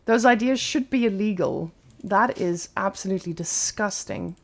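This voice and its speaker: Gravelly, animated woman streaming gameplay. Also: mid-range voice, normal speed, a little hiss or hum. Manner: animated, blunt and swears freely. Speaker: streamer playing a strategy game. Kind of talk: live gameplay commentary.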